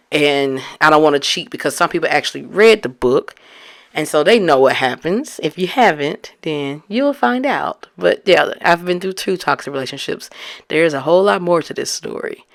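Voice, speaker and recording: A woman casually telling a story from her own life and acting out both sides of the talk with rising exasperation. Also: deep voice. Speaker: storyteller recounting her own past relationship.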